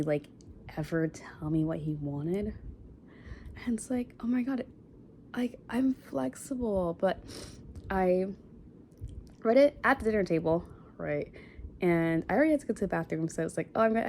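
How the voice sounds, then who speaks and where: A woman's voice: on the low side, warm tone, slight background noise. A young woman in her twenties telling a dating story in a casual vlog, rambling with lots of fillers and sniffling after crying. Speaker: vlogger.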